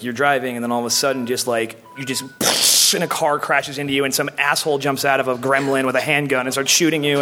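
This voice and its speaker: A man's voice: medium pitch, a bit bright. A man telling a rambling story to a live audience in a casual, comedic way. He swears freely and laughs in the middle of his sentences.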